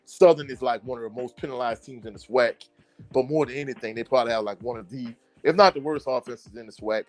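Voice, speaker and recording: Rambling man recapping a football game. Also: mid-range voice. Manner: rambling storytelling with frequent fillers and self-corrections; blunt and exasperated about his team. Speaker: sports podcast host. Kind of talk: casual sports talk recap.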